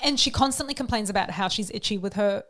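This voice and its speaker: A woman's voice: medium pitch, fast, a bit bright. An Australian woman in her thirties co-hosting a casual podcast chat, telling stories animatedly, swearing freely and acting out quotes. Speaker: podcast co-host.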